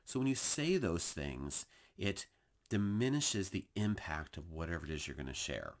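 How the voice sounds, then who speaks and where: Male trainer, low voice, swooping animated delivery, acts out sample phrases, teaching tone. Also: normal speed. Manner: lively, emphatic delivery that acts out example phrases. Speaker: workplace communication trainer. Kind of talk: recorded training talk.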